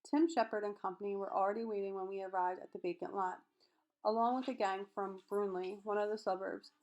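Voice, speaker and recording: A woman's voice: medium pitch, fairly even intonation, a little fast, a little mellow, highs cut off. Woman reading a novel aloud. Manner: reads all characters in her own voice, occasional slips and restarts. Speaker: audiobook reader.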